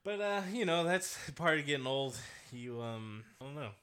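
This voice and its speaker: A young man chatting loosely as a podcast co-host, with a bright, forward tone. He rambles from one thought to the next, laughs often and swears without a second thought. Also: a little high, lively intonation, normal speed, clean tone. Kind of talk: casual chat.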